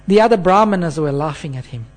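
Male preacher with a high voice, earnest and unhurried, explaining scripture to a class. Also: expressive. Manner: earnest, checks in with listeners by asking "hmm?". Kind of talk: sermon.

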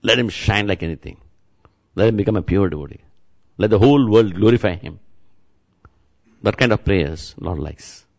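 A man whose gravelly voice sits on the low side gives a devotional sermon at a moderate pace, pausing often. As a spiritual teacher, he speaks directly to listeners in a repetitive, chant-like way.

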